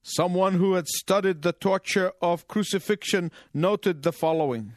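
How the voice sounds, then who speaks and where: High-voiced male preacher, dry close sound. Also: no room sound. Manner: measured, emphatic, pausing for translation. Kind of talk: sermon with interpreter.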